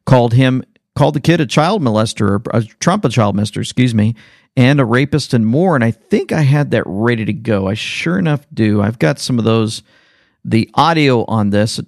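Sarcastic guy ranting about politics, gravelly voice, dry mic. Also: medium pitch, moderate pace, no room sound. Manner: animated, sarcastic, jumps between clips and remarks. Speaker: commentary host. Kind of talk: political commentary.

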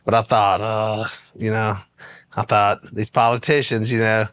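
A man telling a story in a folksy, animated way, with frequent laughs, as a guest in conversation. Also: fairly low pitch, unhurried, clear, resonant tone. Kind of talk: casual storytelling anecdote.

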